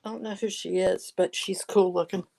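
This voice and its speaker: A woman's voice: fairly low pitch, steady tone, normal speed, creaky, dark tone, poor audio. A woman hosting a live sale. She chats casually, laughs often and shows items one by one.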